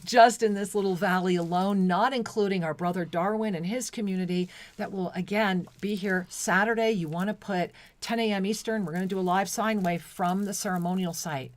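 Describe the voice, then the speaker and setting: A woman co-hosting spiritual talk radio, her voice pitched in a middling range. She speaks in an effusive, devotional way and restarts her sentences often. The sound is dry and close, with no room echo. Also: brisk, few pauses. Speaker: co-host. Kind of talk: spiritual talk radio, reading chat messages.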